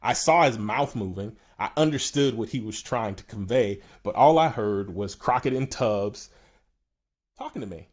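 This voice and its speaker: Low-voiced male yacht broker, casual anecdote to camera, rambling and self-amused. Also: expressive, normal speed.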